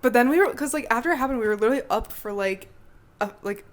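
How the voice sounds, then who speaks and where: A woman's voice: fairly high pitch, quick pace. Young woman chiming in casually. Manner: agreeable, chimes in with short replies. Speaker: podcast co-host. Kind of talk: casual chat.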